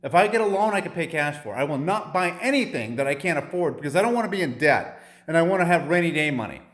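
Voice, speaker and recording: High-voiced man ranting angrily. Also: expressive, quick pace, fairly bright tone. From United States. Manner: heated, profane, repetitive, jabbing rhetorical questions. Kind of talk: angry political rant.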